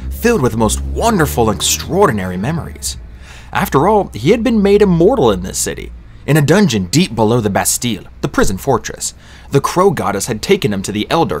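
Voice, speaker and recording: Male audiobook narrator, lively pitch, expressive reading. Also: slightly rough.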